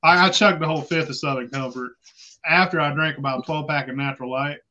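A young man spins a profane, rambling yarn with easy laughter. His voice is strikingly bright and sits a touch high. The sound is muffled and lo-fi. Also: fairly even intonation, fast. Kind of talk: casual storytelling.

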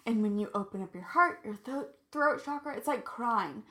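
A woman in her thirties talking candidly and emotionally to her viewers in a personal vlog. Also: a little high. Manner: emotional, candid, drawn-out and reflective. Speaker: vlogger.

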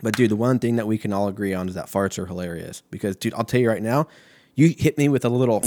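A man's voice: on the low side, fast, darkish tone, slight background noise. A young man hosting a casual solo podcast, rambling and swearing, often laughing at his own jokes. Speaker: podcast host.

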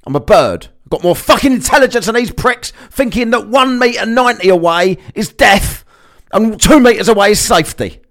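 A man's voice: sits high, expressive, a little fast, a bit bright, pitched above the performer's own voice. A man voicing a carefree, foul-mouthed male bird who sneers at humans in a swaggering, dismissive way. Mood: scornful.

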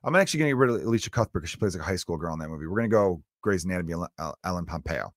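A man hosting his own comedy podcast, rambling and joking through a solo monologue with animated asides. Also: sits low, rapid-fire, dry recording, studio quality.

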